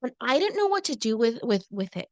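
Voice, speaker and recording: A woman's voice: fairly high pitch, big pitch swings, a little fast, dry recording, highs cut off. A woman co-hosting a podcast, telling a personal story in casual chat and acting out quoted lines. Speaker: co-host.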